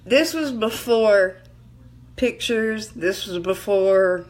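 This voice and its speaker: A woman's voice: mid-range voice, slow pace. A middle-aged woman, hosting a live stream, chatting casually and telling a rambling story with frequent laughs. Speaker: livestream host.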